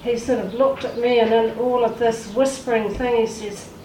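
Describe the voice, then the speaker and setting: During a church service, a woman gives her testimony as emotional storytelling, performing the quoted voices. She speaks at normal speed with a steady tone and a voice on the high side. The room echoes, the mic is distant, and there's faint noise.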